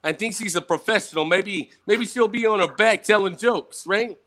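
A man hosting a podcast in casual, profane, excitable chat. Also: high-pitched, moderate pace. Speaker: podcast host.

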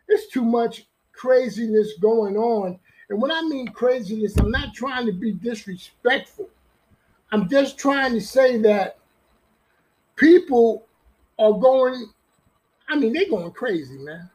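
A man's voice: very high voice, expressive, slow pace, a little mellow, low-quality recording. A man hosting his own podcast, giving emphatic, repetitive solo sports talk in a preachy, streetwise manner. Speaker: podcast host.

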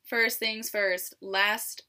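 Bright-voiced young woman, chatty podcast co-host. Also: medium pitch, little pitch movement, very slow. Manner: chatty, laughs often, trails off and restarts. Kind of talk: casual chat.

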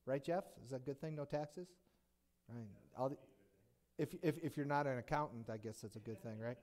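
A man's voice: mid-range voice, a little fast. A male pastor preaching a sermon, retelling a Bible story with jokes and many rhetorical questions. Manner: animated, joking, rhetorical questions.

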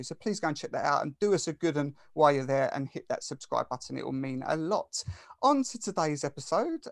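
A man's voice: fairly high pitch, vocal fry, no echo, clean studio sound. A man with an Essex English accent, hosting a casual sports podcast in a chatty, friendly, self-deprecating way. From England. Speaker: podcast host.

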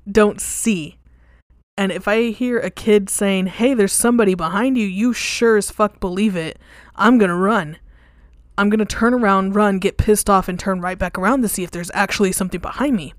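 A young woman talks through a ghost story on her podcast, casual and blunt, cursing freely and leaning on fillers like "like" and "you know." Her voice sits in a middle pitch. The recording is dry and close, with no room sound around it. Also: no room sound. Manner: candid and profane, with frequent fillers. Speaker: podcast host. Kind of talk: casual storytelling about hauntings.

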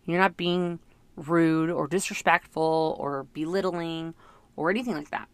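A woman's voice: low-pitched, fairly even intonation, measured pace, clear, resonant tone, dry recording. A middle-aged woman talking through her thoughts in a casual, rambling, reflective monologue, full of fillers. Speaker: parent sharing reflections.

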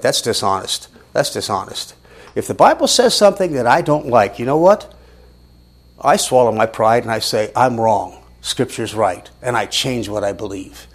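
A man teaching a sermon, reading scripture aloud with rising emphasis and asking rhetorical questions. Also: medium pitch. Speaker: Bible teacher.

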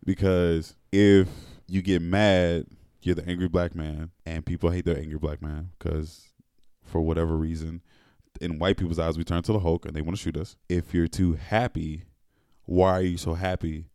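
A man's voice: low-pitched, level tone, normal speed, dark tone, smooth, no room sound, clean studio sound. A young adult man hosting a casual chat, blunt and profane, laughing often. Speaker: podcast host.

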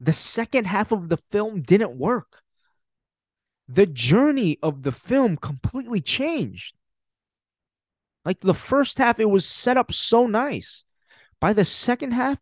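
A man's voice: fairly high pitch, a little mellow, no room sound, studio quality. A man hosting a podcast, giving a casual, emphatic film review with frequent swearing and laughter. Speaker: podcast host.

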